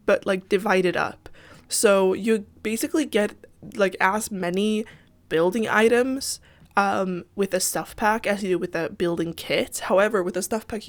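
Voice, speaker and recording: Young woman, sick, stuffy blocked nose, casual rambling chat, lots of fillers. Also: medium pitch. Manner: chatty, rambling with many ums and likes. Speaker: Sims builder vlogger.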